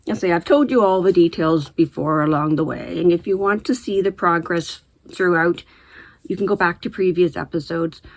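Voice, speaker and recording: A middle-aged woman hosting a knitting video, chatting casually to camera and laughing easily as she talks. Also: medium pitch. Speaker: knitting podcast host.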